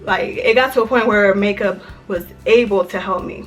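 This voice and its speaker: A woman's voice: medium pitch, normal speed. A young woman from Maryland telling a personal story in a casual vlog, chatty and full of "like". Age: young adult. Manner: chatty, filler-heavy with frequent "like". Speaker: vlogger. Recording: faint music under the voice. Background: soft background music.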